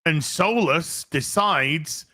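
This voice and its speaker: A British man ranting as a show host, dry and scornful. He speaks slowly in a fairly high, bright voice. His sarcasm is deadpan throughout. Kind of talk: ranting video commentary.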